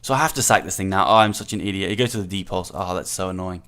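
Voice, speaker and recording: A man's voice: sits low, fast, pushed and bright. A man talks through his own live match as he plays, weighing each move aloud. He repeats lines to himself and scolds himself sharply when a move goes wrong. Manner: self-critical, thinking aloud, repeats himself. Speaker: gaming channel host. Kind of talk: live play-by-play commentary of a game.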